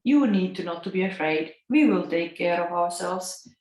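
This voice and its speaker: A woman's voice: on the low side, lively intonation, normal speed, a little mellow, lightly acted. A woman reading out the lines of wary little goat kids from a storybook, with a Finnish accent tinged with Italian. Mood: defiant. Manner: read aloud plainly from a storybook. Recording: echoey room.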